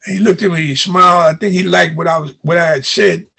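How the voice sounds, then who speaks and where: Gravelly older man telling stories. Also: sits high, fast talker. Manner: animated retelling with quoted dialogue. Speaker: interview guest. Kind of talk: storytelling in an interview.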